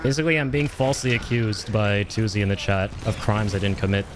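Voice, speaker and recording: A man streaming a video game live, chatting with his viewers, swearing and yelling at the game as he plays. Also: on the low side, fast, background noise. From Canada. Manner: excitable, swears and yells at the game. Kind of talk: casual live-stream gaming chat.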